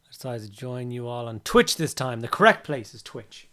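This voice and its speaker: A man's voice: mid-range voice, lively intonation, normal speed, bright, forceful tone. A man hosting a casual livestream, chatting with viewers while he builds models and greeting them with repeated hellos. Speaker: livestream host.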